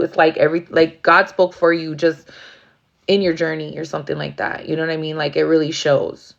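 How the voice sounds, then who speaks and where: Low-voiced woman rambling through a tarot reading. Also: vocal fry, muffled recording. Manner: rambling, heavy on fillers, swears freely. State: near tears at times. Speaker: tarot reader. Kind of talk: casual tarot reading monologue.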